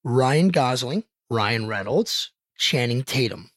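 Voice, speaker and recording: A man hosts a light-hearted trivia round on a podcast, jokey and teasing in tone. His voice sits at a middle pitch and sounds close and dry. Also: lively intonation, takes it slowly, fairly bright tone, no echo. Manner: playful, teasing, quizzing. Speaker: podcast co-host running a quiz. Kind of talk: casual chat.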